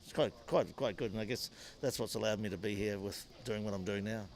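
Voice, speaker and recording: Older Kiwi ex-racer telling stories. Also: male voice, fairly low pitch, a little fast. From New Zealand. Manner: animated anecdotes with frequent restarts. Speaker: former motorcycle racer and businessman. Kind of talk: interview, storytelling.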